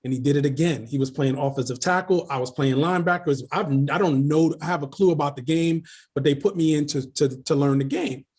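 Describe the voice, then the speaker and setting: Husky New man telling stories. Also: a little high, a little fast, few pauses. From Queens, New York. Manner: animated, laughs often, repeats phrases for emphasis. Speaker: guest, leadership coach. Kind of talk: casual storytelling interview.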